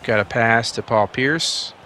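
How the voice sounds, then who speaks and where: A gaming channel host gives play-by-play commentary over a basketball video game, speaking a little slowly. He gets excitable, his pitch jumping on big plays, and fills the gaps with chatty asides.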